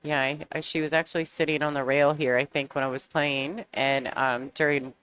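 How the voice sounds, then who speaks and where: A woman's voice: low-pitched, steady tone, moderate pace, fairly bright tone, slight background noise. A woman commentating a pool match, chatty and bantering, often laughing as she talks. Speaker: sports commentator. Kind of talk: casual play-by-play commentary.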